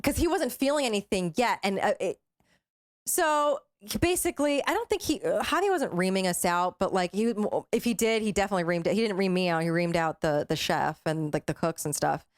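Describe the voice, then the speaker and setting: A young woman co-hosting a podcast, telling a story casually, animated and full of fillers, acting out what people said. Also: mid-range voice, fairly quick. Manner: animated, acts out quoted voices, filler-heavy. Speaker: podcast co-host.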